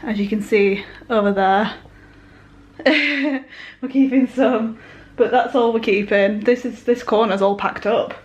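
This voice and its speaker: A young English woman in her twenties chatting casually to the camera in her weekly vlog, self-mocking and quick to giggle. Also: fairly high pitch, poor audio. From England. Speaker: vlogger.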